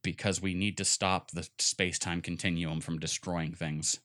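A man's voice: low-pitched, little pitch movement, moderate pace, sharp tone. A young man co-hosting a casual podcast, rambling enthusiastically about video games with lots of fillers. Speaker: podcast co-host. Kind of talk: casual gaming chat.

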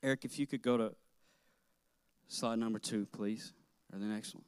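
A man's voice: on the low side, fairly even intonation, moderate pace, smooth, no room sound, studio quality. A middle-aged man, a pastor, preaching a sermon in an earnest, personal way, telling childhood stories with light laughter.

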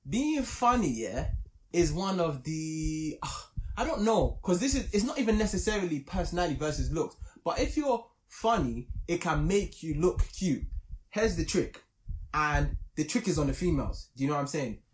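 Young guy chatting on a podcast, bit higher voice, pitch all over the place, really emphatic. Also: moderate pace. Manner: animated, emphatic storyteller. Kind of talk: casual chat.

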